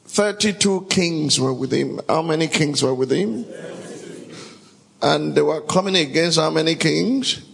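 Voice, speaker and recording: Male pastor, gravelly and unhurried, preaching emphatically in a reverberant church hall. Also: on the high side, animated. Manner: emphatic, calls out to the congregation for responses. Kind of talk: sermon.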